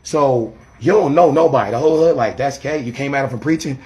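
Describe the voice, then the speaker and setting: A man's voice: medium pitch, fast, darkish tone. A man, a street preacher, arguing on a phone camera in an agitated, rambling, defensive way and pleading with older women. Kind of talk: heated confrontation filmed on camera.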